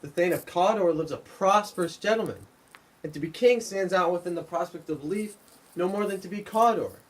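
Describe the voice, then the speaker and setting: A man's voice: sits high, moderate pace, voice pushed up, rough recording. A man voicing a demanding medieval nobleman, reciting insistently as he orders others to explain themselves. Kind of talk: dramatic reading of a play.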